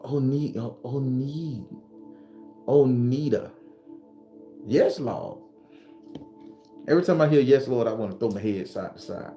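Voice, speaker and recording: A man's voice: medium pitch, a little slow, pauses often, faint music behind. Blunt profane man on a live stream. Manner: blunt, profane, animated, greets viewers by name. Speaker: host. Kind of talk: casual live-stream talk.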